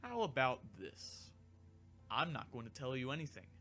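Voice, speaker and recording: A man voicing a calm, dry, teasing alien warrior in a fan audiobook reading, unhurried and mocking. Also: medium pitch, faint music behind.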